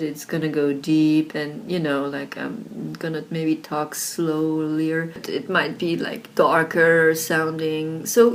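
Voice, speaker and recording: A woman explaining audio software in a casual tutorial, recorded on her laptop's built-in microphone, chatty with lots of fillers. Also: lowish voice. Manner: chatty, many fillers like "like" and "you know".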